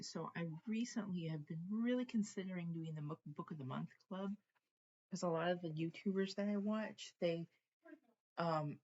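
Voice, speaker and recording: A woman's voice: low voice, creaky, slightly rough, highs cut off. A woman in her forties talking casually and rambling from topic to topic in a home vlog. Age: 40s. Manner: chatty, rambling, easily sidetracked. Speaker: book vlogger. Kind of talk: casual chat.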